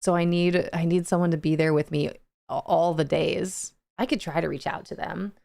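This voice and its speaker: A woman's voice: lowish voice, fairly even intonation, normal speed, vocal fry, warm tone. A young adult woman streaming live, chatting casually with her viewers, greeting them by name and laughing often.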